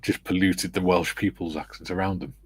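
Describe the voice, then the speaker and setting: An English livestream host with a deep, brisk, breathy-edged voice and fairly even intonation chats casually, reading out viewer comments in a loose, amused, rambling way. The audio is dry, from a streaming or video-call setup.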